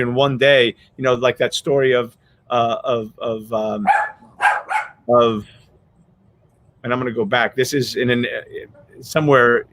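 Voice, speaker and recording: A man's voice: mid-range voice, a bit bright. A man hosting a podcast, telling a story in a rambling, earnest way with many restarts, choked up with emotion. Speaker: podcast host. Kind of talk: casual storytelling chat.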